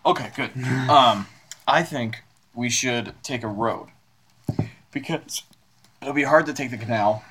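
A man's voice: medium pitch, a little slow, pauses often, fairly bright tone, slight background noise. Man running a tabletop game. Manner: playful, laughs while narrating. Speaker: game master.

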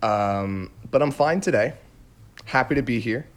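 A young man talks on a podcast in a mid-pitched voice. He jokes deadpan, with plenty of ums along the way. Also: measured pace. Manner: deadpan joking, filler-heavy. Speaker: podcast co-host. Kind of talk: casual chat. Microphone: remote recording.

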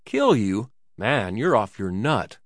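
A man's voice: on the low side, huge pitch swings, slow pace, no room sound, studio quality, exaggerated voice. A man voicing a stern, hot-tempered hotel proprietor who scolds and demands answers, in a story reading.

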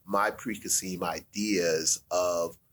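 A man speaks as a talk host, eager and encouraging, with a rather low voice and a sharp, bright edge to his tone. He sounds keen to hear his guest. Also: fairly even intonation, slow pace. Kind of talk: casual chat.

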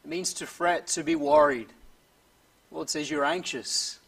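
A man preaching an earnest expository sermon, often dropping softly at the ends of phrases. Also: fairly high pitch, flat delivery, a little slow, vocal fry, husky, distant mic, rough recording.

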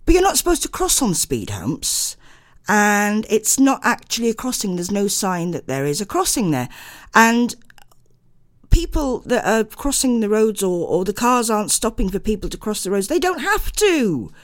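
Older woman radio host, animated pitch, rambling chatty delivery, slightly unwell. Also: normal speed. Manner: chatty, affectionate, greets listeners by name. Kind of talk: casual radio chat and rambling monologue.

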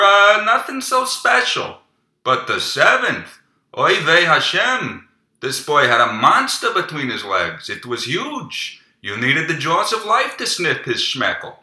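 A man putting on the high, excited voice of a boastful circumciser telling his wife about his day over dinner. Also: reverberant, full character voice. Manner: exclaiming, kvetching storyteller. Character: boastful, gossipy male circumciser at the dinner table.

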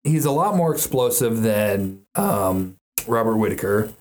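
A man's voice: on the low side, animated, a little slow, darkish tone. A man chatting casually about fighters, swearing often and restarting his sentences as he rambles. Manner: profane, rambling, frequent restarts.

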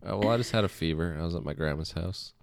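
A man's voice: low voice, fast talker, vocal fry. A young man hosting a casual podcast chat, telling stories and laughing at himself often. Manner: laughs often, self-deprecating, storytelling. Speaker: podcast host. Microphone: close podcast mic, breath audible.

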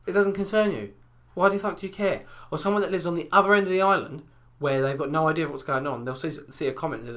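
A man's voice: on the high side, fast, few pauses, a bit bright. Sweary young man ranting. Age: 20s. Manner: sweary, ranting, acts out others' voices. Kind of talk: casual chat.

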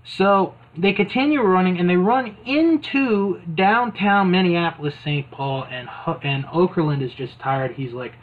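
Man, casual amused storytelling, rambling, slightly high voice, tinny phone-like sound. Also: measured pace, few pauses. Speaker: host retelling an old wrestling videotape. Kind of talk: casual chat.

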